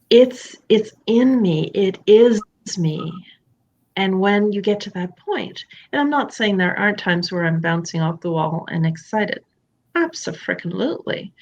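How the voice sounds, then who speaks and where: Woman podcast host, emphatic and playful, mid pitch, a little lo-fi. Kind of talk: candid conversational chat.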